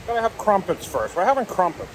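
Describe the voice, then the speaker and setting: A man's voice: high voice, very animated, fast, noisy background. A man hosting a casual outdoor prospecting vlog, talking in an easygoing, rambling, folksy way at a dig site. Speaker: gold prospecting vlogger.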